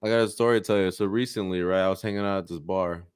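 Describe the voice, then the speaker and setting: Man, low voice, dry sound, casual swearing, joke storyteller. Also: fairly even intonation, racing, clear, resonant tone, no echo. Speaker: podcast co-host. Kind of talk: casual comedic chat.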